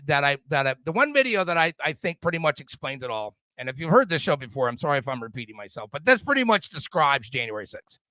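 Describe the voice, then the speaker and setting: Fired-up profane man ranting, high bright voice. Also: dry recording. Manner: profane, fired-up, repetitive stammering restarts. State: drinking whiskey. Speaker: podcast host. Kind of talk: casual political rant.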